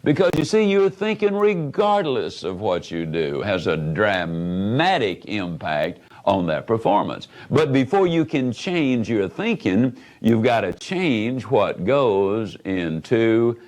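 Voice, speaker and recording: This low-quality archival recording features a motivational speaker with a lowish voice who takes his time yet hardly pauses. He spins folksy stories in an animated way.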